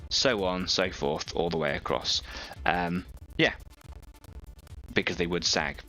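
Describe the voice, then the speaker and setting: A man's voice: low-pitched, slow, bright, forceful tone, soft background music. A man hosting an online painting stream, chatting casually and explaining each step while he works on a model. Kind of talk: casual chat while working.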